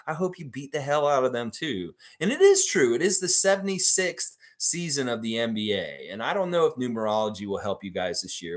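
A man hosting a fan livestream in a casual, rambling way, reading out viewer comments and laughing readily. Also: mid-range voice. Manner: chatty and excitable, laughs readily, rambling asides.

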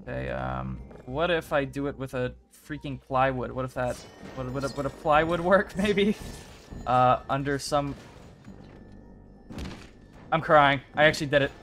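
A young gaming YouTuber with a medium-pitched, slightly bright voice and vocal fry comments on his play a little slowly, pausing often, with soft music in the background. He addresses himself and the game characters, alternately begging, cursing and celebrating.

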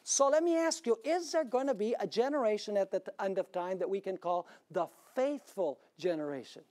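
Emphatic preaching man. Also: brisk. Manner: emphatic, rhetorical questions with sudden swings in pitch and loudness. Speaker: pastor. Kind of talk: sermon.

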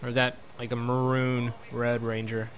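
A man's voice: mid-range voice, completely flat delivery, moderate pace, background noise. A young man giving goofy, joking commentary over a video game, talking back to the characters and laughing often. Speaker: gaming let's-player. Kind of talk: comedic gameplay commentary.

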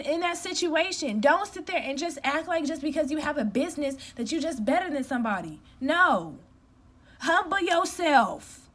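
A young woman with a high voice rants straight at the camera, blunt and emphatic. She talks casually from home, venting in a direct, no-nonsense manner. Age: young adult. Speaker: customer care representative.

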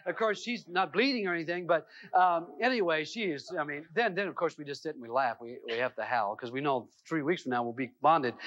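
A middle-aged man telling a personal story in a self-help seminar talk, folksy and animated, with lots of fillers and restarts. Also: on the high side. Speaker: seminar speaker. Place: seminar room. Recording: dull lo-fi VHS tape audio.

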